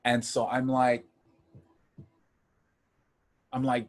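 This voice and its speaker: A man from Ohio earnestly telling a personal story of hard times in a casual chat, getting animated when he acts out quotes. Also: on the low side, normal speed, slightly rough. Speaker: guest.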